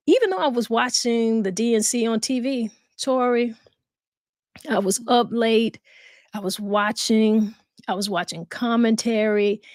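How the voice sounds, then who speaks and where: A woman's voice: a little high, dry recording, clean studio sound. A tired woman co-hosting a live talk show, chatting casually and folksily with her viewers. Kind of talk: casual live-stream chat.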